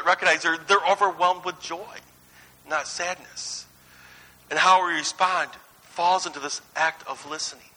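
Male preacher, 30s, high and very bright voice, chatty anecdotal sermon delivery. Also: rough recording. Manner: conversational, anecdotal, swings between lively and hushed.

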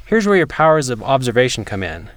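A man narrating a language lesson from a script, with measured, clear enunciation and demonstrated intonations. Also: mid-range voice, very animated, no echo.

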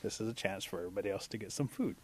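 A man telling a traditional animal folktale in a folksy, unhurried way, with sudden pitch jumps for emphasis. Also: a little mellow, breathy edge. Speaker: storyteller. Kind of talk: oral folktale storytelling.

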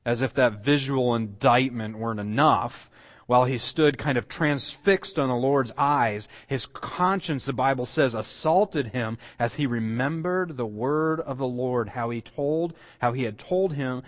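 A man's voice: medium pitch, measured pace. Man, pastor, sermon storytelling, acted quotes, fillers.

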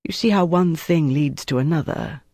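A reader voicing a calculating German officer, speaking in a measured, coolly menacing way. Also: male voice, fairly high pitch, lively intonation, creaky, darkish tone, dry recording, clean studio sound. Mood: cold, measured. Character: cold, calculating German officer interrogating a prisoner.

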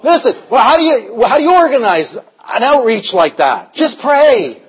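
High husky guy preaching, tells stories, goes from shouting to quiet. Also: big pitch swings, moderate pace, poor audio. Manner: storytelling, shifts from shouting to hushed. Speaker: pastor. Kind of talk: sermon.

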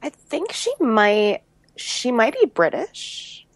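A woman co-hosting a podcast in casual chat, expressive and exclamatory. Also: on the high side, slow pace. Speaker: podcast co-host.

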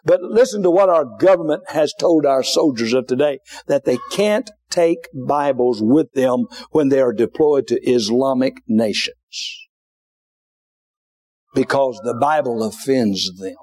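A man preaching a sermon in a church, dropping to a hush and then rising to shouts, with folksy asides to the congregation. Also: mid-range voice, a little slow. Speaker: pastor. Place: church sanctuary.

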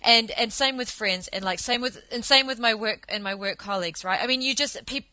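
A woman's voice: a little high, brisk, pushed and bright, dry recording. A woman host, chatting casually and repeating her points for emphasis. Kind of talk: casual chat.

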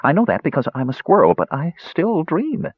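Fretful caged squirrel read by a man, husky and jumpy, dry lo-fi storybook sound. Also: on the high side, wildly swooping pitch, moderate pace, dry recording, pitched above the performer's own voice, full character voice. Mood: bewildered. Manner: anxious and fretful. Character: nervous confused male squirrel, caged. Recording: slightly dull lo-fi recording.

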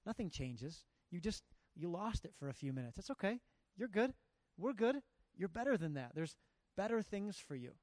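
A man's voice: fairly high pitch, no echo. A middle-aged man preaching a sermon, earnest and emphatic, with a conversational, storytelling delivery. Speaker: pastor.

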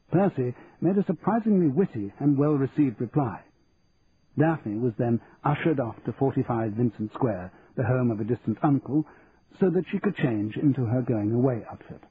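Guy narrating an audiobook, steady pace, sounds like over a phone. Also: medium pitch. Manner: even, measured storytelling. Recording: tinny phone-like line, faint hiss.

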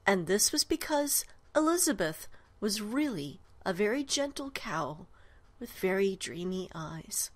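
A woman reading a children's story aloud in an expressive, sing-song storytelling manner. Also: mid-range voice, measured pace.

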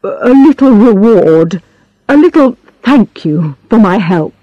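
A woman's voice: medium pitch, lively intonation, takes it slowly, no echo, muffled recording, voice pushed up. A woman voicing a nervous, hesitant male doctor defending himself in an audiobook reading.

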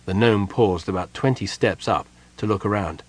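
A man narrating a fantasy audiobook in a steady, measured storytelling manner. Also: on the low side, dry recording.

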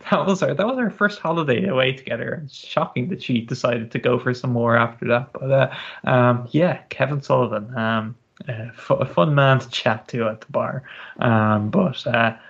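A man's voice: medium pitch, normal speed, creaky, a bit bright, husky. A man from Ireland with an Irish accent, hosting a podcast in casual, rambling chat full of fillers and restarts. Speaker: podcast host. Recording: dull lo-fi podcast audio.

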